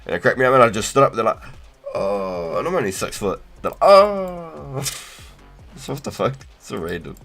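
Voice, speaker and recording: A man hosting a casual game livestream, talking in a relaxed, slangy way to chat and swearing freely. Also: on the low side, quick pace, gravelly, faint music behind. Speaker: livestream host.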